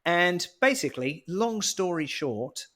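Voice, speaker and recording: A man's voice: high voice, very animated, measured pace, fairly bright tone. A man co-hosting a podcast, telling a story in a chatty, jokey way. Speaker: podcast co-host. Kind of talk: casual podcast chat.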